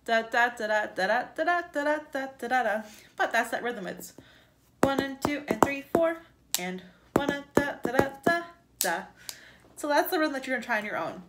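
A woman's voice: medium pitch, fairly bright tone, slight background noise. A woman music teacher giving an upbeat virtual lesson to young children, chanting rhythms for them to repeat.

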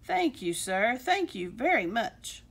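A woman voicing a humble, grateful old gentleman in a storybook read-aloud. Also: fairly high pitch, sing-song, takes it slowly, gravelly, husky, full character voice. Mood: polite.

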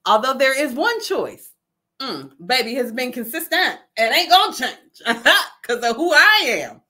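A woman's voice: high voice, unhurried. A middle-aged woman from New Jersey hosts a casual motivational talk. She is folksy and emphatic, asks "okay?" often and laughs a lot. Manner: laughs often, lively asides; says her voice carries and commands attention. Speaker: host.

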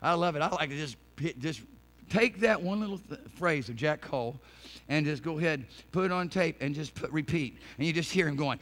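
A man preaching a sermon as pastor in a church. He repeats and restarts phrases, and builds from quiet talk to shouted preaching. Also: fairly high pitch, brisk.

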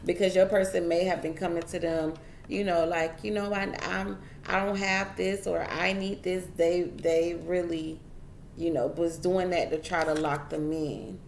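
A woman's voice: on the low side, steady tone, a little slow, gravelly, a little mellow, echoey room, a little hiss or hum. A woman giving a casual tarot reading straight to her viewers, chatty and repeating herself as she goes. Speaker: tarot reader.

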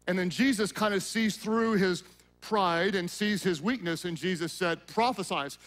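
A male pastor preaching a sermon, acting out Bible scenes in voices and dropping to a low hush at solemn moments. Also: normal speed.

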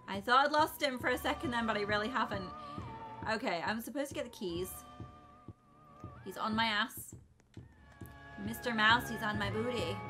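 A young woman giving flustered, excitable commentary while playing a game, often breaking into screams. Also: mid-range voice, normal speed, soft background music. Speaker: gaming YouTuber. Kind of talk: let's play commentary.

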